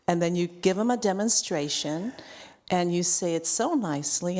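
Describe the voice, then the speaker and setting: A woman's voice: fairly low pitch, normal speed. A middle-aged woman giving friendly advice in a group class, acting out bits of conversation. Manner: warm, encouraging, acts out little dialogues. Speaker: class participant.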